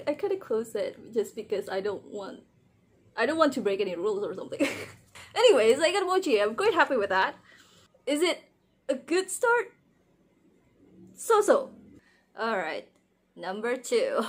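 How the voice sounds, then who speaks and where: A young woman chatting casually through an unboxing vlog, very expressive and giggly, squealing with excitement. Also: on the high side, measured pace, pauses often, husky. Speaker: vlogger unboxing wrestling merchandise.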